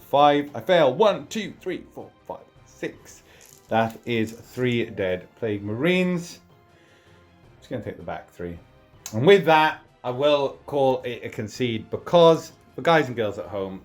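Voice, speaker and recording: A man with a middle-pitched voice talks through his tabletop game in a casual, self-deprecating way. He recorded in a roomy space that echoes, and faint music plays behind him. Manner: joking, self-deprecating, chatty. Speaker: wargaming channel host. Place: game room. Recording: echoey room with music underneath.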